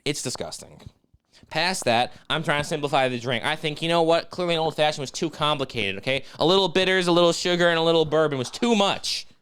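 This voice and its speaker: A man's voice: fairly high pitch, quick pace, fairly bright tone, smooth. A man co-hosting a comedy podcast, ranting profanely and sarcastically, piling up rhetorical questions. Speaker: podcast co-host.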